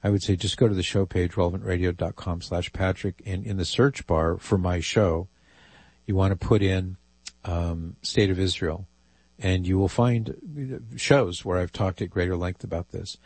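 A man hosts a radio talk show with a lowish, slightly husky voice. He chats wryly and reads out listener emails. The studio sound is dry and close. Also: steady tone, normal speed, darkish tone, dry recording. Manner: chatty, wry, reads listener emails aloud.

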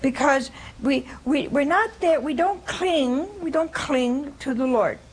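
A woman giving an informal scripture teaching to a small group, conversational and humorous, often pausing to ask her listeners "See?". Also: sits high, a little hiss or hum, rough recording. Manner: conversational, keeps asking "See?" and questioning listeners; homespun humor, laughs at her own jokes. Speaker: religious teacher.

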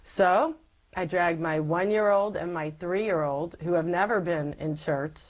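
A woman with a lowish voice shares her faith testimony as an interview guest, speaking at a measured pace on a low-quality recording. Her storytelling is animated, and she performs the dialogue of past conversations.

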